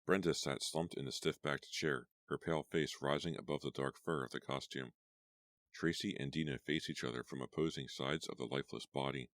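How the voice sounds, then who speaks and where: Very deep-voiced male audiobook narrator. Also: fairly even intonation, a little fast, a bit bright, no echo, studio quality. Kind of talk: scripted narration.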